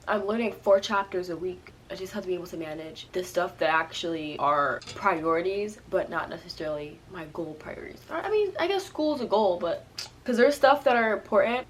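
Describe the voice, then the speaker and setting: A woman's voice: fairly low pitch, a little hiss or hum. A woman in her early twenties, talking through a casual sit-down vlog rant into her camera at home, rambling and restarting her sentences, tearful and crying at times. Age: early 20s. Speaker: vlogger.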